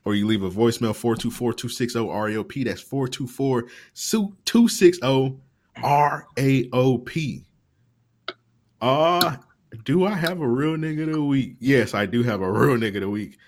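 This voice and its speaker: A man's voice: mid-range voice, a little slow. A young man with a Florida accent, hosting a podcast and telling loose, profane stories in casual chat. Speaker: podcast host.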